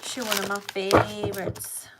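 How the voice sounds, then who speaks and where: A woman's voice: medium pitch, monotone, a little slow, very noisy. A woman giving a casual tarot card reading who talks straight to her viewers, blunt and full of swearing. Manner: profane, blunt and emphatic. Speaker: tarot reader.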